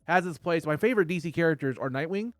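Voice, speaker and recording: A man chatting casually on a podcast, excited and rambling, with lots of "like". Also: on the high side, fast, dry recording, studio quality. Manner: excited and rambling, heavy use of "like".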